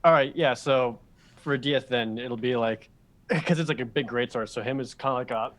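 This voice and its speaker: A man's voice: mid-range voice, moderate pace, fairly bright tone. A young man playing a tabletop game, chatty with lots of fillers and laughs. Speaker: player. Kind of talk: casual tabletop play.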